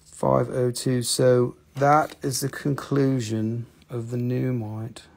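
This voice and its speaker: A man's voice: medium pitch, flat delivery, slow pace, creaky, a little mellow. A man hosting a live-stream rock and mineral sale, talking casually into a handheld phone, joking, teasing viewers and swearing freely.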